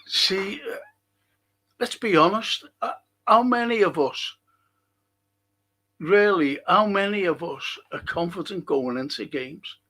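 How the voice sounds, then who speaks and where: A man's voice: high voice, animated, slow, long pauses, bright, forceful tone. A middle-aged man hosting a casual live stream, reading out viewer comments, answering them and swearing now and then.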